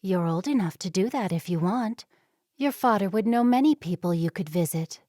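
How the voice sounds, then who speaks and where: A woman voicing a kind young Amish woman in an audiobook, speaking softly and reassuringly. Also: mid-range voice, expressive, moderate pace, dry recording, studio quality, natural voice. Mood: gentle.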